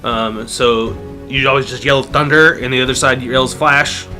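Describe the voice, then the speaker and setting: Bright-voiced man eagerly recapping. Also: mid-range voice, steady tone, moderate pace, faint music behind. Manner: enthusiastic, rambling retelling with fillers. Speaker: podcast co-host. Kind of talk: casual chat.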